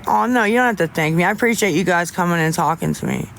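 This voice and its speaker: Guy rambling to his chat on a live stream, kinda high voice, stops and restarts a lot. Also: gravelly, fairly bright tone, a little hiss or hum. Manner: rambling and halting, lots of restarts, candid. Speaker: livestreamer talking to viewers. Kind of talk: casual livestream chat.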